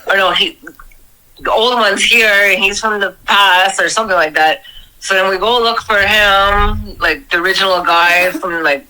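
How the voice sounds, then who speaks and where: A woman's voice: medium pitch, moderate pace, poor audio. A young woman casually retelling a strange dream on a podcast, swearing freely and acting out the people in it. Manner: profane, animated retelling of a dream. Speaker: podcast storyteller. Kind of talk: casual storytelling.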